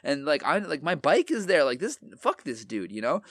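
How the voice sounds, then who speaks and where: A man telling a story in casual chat, animated, swearing often and acting out what people said. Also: fairly high pitch, normal speed, no room sound. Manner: animated, swears a lot, acts out quotes. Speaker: podcast co-host.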